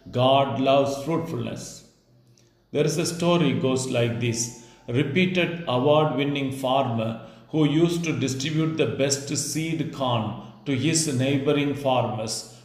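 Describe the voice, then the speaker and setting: Priest preaching a sermon, mid-pitched, measured and emphatic, church with strong reverb. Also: male voice.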